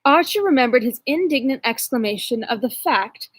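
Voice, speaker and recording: A woman's voice: sits high, expressive, moderate pace, husky, dry recording, poor audio. A woman reading a classic novel aloud, with casual asides to her dog. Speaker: audiobook reader.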